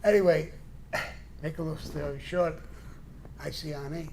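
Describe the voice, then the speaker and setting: Gravelly older man. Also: a little high, moderate pace, pauses often, darkish tone, a little hiss or hum. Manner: blunt, profane, acts out the people in his stories. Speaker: show guest storyteller. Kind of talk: casual storytelling.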